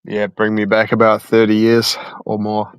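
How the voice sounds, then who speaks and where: A man's voice: on the low side, monotone, moderate pace, clean tone, dry recording. A man hosting a loose, rambling group call chat, laughing often.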